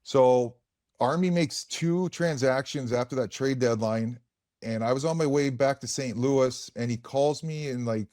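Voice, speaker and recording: A man's voice: medium pitch, unhurried, mellow, dry recording, studio quality. Frank, rambling man in his forties. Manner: rambling, frank, peppered with "like" and swearing. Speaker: podcast guest, former pro hockey player. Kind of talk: casual podcast storytelling.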